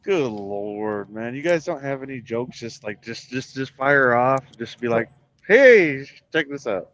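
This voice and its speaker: A man in casual banter, telling a rambling joke and slipping into quick voices for the people in it. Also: medium pitch, fairly bright tone. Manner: rambling storyteller, does character voices in quotes. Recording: dull lo-fi sound.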